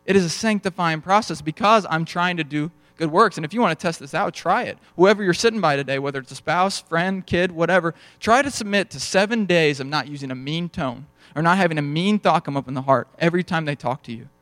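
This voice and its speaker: A man's voice: fairly high pitch, brisk, hardly any pauses, fairly bright tone, no room sound. A young adult man preaching a sermon in a conversational storytelling way, acting out bits of dialogue as he goes. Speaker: pastor.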